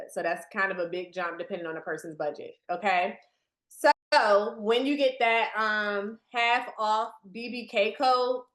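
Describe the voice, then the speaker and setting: Presenting business training to new team members on a video call, a woman keeps things chatty and talks directly to her audience. The room echoes, and her voice is mid-range and a bit bright.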